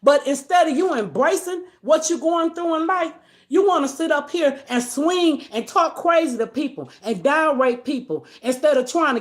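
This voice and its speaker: A woman hosting a live stream, delivering a blunt, confrontational rant that scolds someone directly. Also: high-pitched. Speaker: livestream host. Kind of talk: livestream rant. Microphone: phone or webcam on a live stream.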